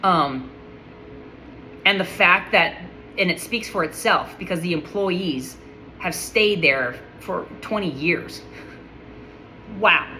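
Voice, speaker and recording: A woman's voice: fairly low pitch, takes it slowly, pauses often, sharp tone, a little hiss or hum, rough recording. A woman speaking in a casual, enthusiastic monologue, full of admiration and often restarting her sentences.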